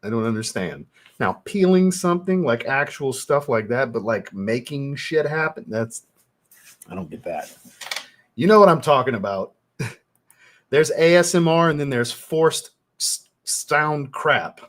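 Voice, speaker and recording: A man with a mid-range voice hosts a fragrance livestream, sounding very animated though a little slow. As a fragrance reviewer and channel host, he chats casually and laid-back with viewers, swearing freely and laughing often.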